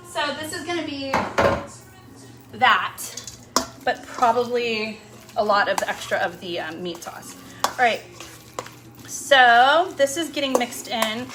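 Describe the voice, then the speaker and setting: Young woman host, home kitchen cooking stream, a little high-pitched, loose and chatty, music bed under her. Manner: chatty, loose, full of fillers, talks while cooking. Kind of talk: casual live cooking demo.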